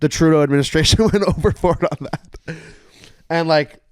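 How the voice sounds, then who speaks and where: A man's voice: fairly high pitch, normal speed, clear, resonant tone, no room sound, clean studio sound. A young man from Canada, a musician guest chatting casually on a podcast, rambling with lots of fillers and swearing.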